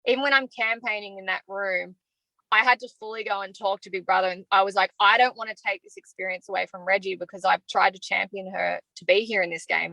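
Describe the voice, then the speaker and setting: An evicted reality show contestant, an Australian woman, answers interview questions openly and from the heart, speaking freely about her feelings. Her voice is medium-pitched with vocal fry and a sharp tone. The recording is low quality, with no room sound.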